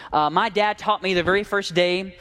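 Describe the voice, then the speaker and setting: A man's voice: sits high, moderate pace, fairly bright tone, smooth. Rich: A man preaching earnestly, moving between scripture reading and storytelling. He often stumbles and repeats a word before pushing on. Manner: earnest, repeats words when restarting. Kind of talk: sermon with Bible reading and storytelling.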